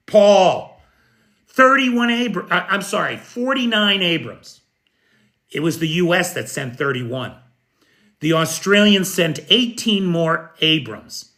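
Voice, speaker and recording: A man's voice: high-pitched, sharp tone. An American man giving live news commentary, emphatic and opinionated, calling out viewers by name. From United States.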